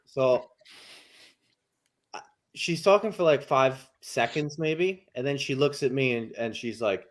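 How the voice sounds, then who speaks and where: A man telling a story in casual chat, profane and animated, acting out the people he quotes. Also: mid-range voice, measured pace.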